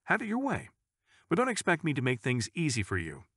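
A man's voice: fairly high pitch, wildly swooping pitch, brisk, fairly bright tone, husky, dry recording, studio quality, voice pushed up, exaggerated voice. A man reading a sneering, sarcastic boss. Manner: brusque and sneering. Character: curt, sarcastic, hostile male office boss.

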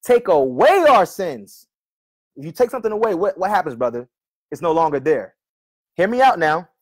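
A male preacher arguing with a commenter online, often calling him brother and reading scripture slowly and repeatedly. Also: a little high, big pitch swings, a little mellow. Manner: argumentative, keeps addressing "brother", reads verses slowly and repeats them.

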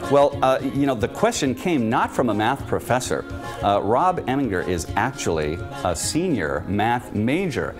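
A man's voice: medium pitch, sing-song, normal speed, over music. A man hosting a student television quiz show, announcing answers, scores and guests in an upbeat way. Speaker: host.

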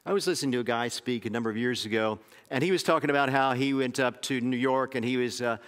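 A middle-aged man with an Oklahoma accent, preaching a sermon in a relaxed, conversational storytelling way that often restarts its phrases. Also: mid-range voice, quick pace. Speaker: pastor. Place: church sanctuary. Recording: long sanctuary reverb.

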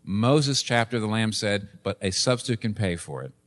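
A man in his sixties preaching a sermon as pastor, emphatic, with sudden rises and soft drops. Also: lowish voice, moderate pace.

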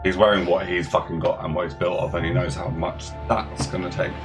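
A man's voice: low-pitched, little pitch movement, brisk. A man playing a tabletop role-playing game, talking earnestly and getting emotional about his character. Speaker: player. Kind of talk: tabletop role-play chat. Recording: music bed under voices.

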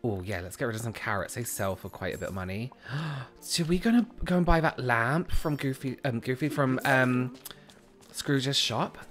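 A man's voice: mid-range voice, lively intonation, normal speed, a bit bright, faint music behind. A British man casually chatting with his live-stream audience while playing a video game, laughing often and answering chat. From United Kingdom.

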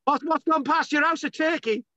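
A man's voice: extremely high pitch, moderate pace, pushed and bright, dry recording, muffled recording. A man giving a casual online lecture, exasperated and bantering, swearing often.

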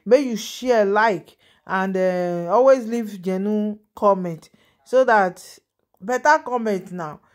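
A woman with a Nigerian Pidgin accent hosting a gossip channel, rambling and animated, often asking her listeners if they understand. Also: mid-range voice, takes it slowly. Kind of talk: casual gossip commentary.

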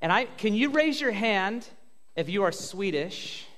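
A pastor on a church stage interviewing guests in an upbeat, joking way, halting with fillers. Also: male voice, high-pitched, animated, a bit bright. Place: church sanctuary. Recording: long hall reverb.

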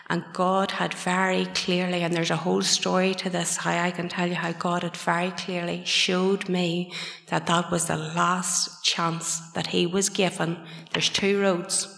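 A middle-aged Northern Irish woman gives her church testimony with fervent conviction, now and then sinking to a hushed whisper. Her voice sits fairly low and fairly level, and it rings out through a roomy meeting hall with a long reverb tail. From Northern Ireland. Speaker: speaker giving testimony.

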